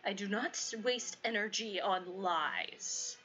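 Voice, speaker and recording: Give me a woman putting on a calm, serious young man, speaking low and unhurried. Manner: low, quiet and measured. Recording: dull lo-fi audio, faint music.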